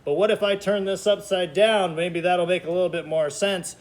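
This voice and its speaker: A man's voice: high voice, fairly even intonation, normal speed. A man teaching a kindergarten counting lesson to students at home, cheerful and patient, with sing-song counting. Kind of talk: remote lesson for young children.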